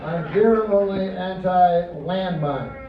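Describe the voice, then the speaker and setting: Deadpan male comic, high voice, roomy club. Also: slow, recorded from a distance. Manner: deadpan, rambling asides with mock-earnest quoted voices. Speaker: stand-up comedian. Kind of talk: stand-up comedy set. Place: comedy club stage before a live audience. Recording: roomy, muffled club recording from afar. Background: audience laughter and crowd noise.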